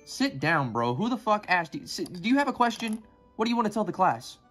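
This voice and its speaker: A fed-up male teacher barks at his class in a shrill, crude voice, as a man puts him on. He sits far above his usual pitch and pushes hard on the volume. Faint music plays behind. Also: big pitch swings, brisk, a bit bright. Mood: scolding.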